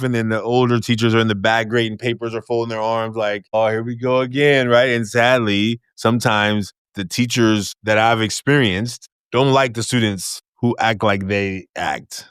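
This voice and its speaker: A male podcast host with a low, smooth voice speaks reflectively. He thinks aloud and checks in with his guest. The recording is dry and close. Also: fairly bright tone, dry recording. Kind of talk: casual podcast conversation.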